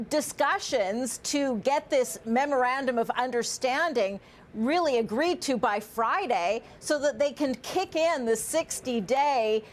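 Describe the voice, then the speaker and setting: A woman reporter talks through diplomatic developments in a measured, analytical way, pausing on fillers as she works through her points. Her voice sits a little higher than most women's. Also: slight background noise. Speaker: news reporter. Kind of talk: live news analysis.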